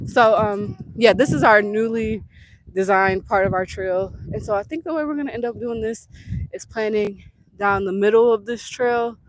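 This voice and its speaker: A woman's voice: medium pitch, normal speed, poor audio. A woman giving a casual walking tour of her rural land, chatting and thinking aloud as she goes while her husband films. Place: outdoors on a rural trail. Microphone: husband's handheld camera.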